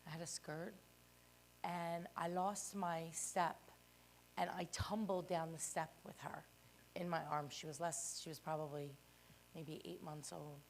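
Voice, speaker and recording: Woman from Philadelphia, lowish voice, modest first-time speaker, faint hiss. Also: fairly even intonation, unhurried. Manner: modest and a little nervous, with fillers. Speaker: guest speaker, real estate agent. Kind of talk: personal life story speech.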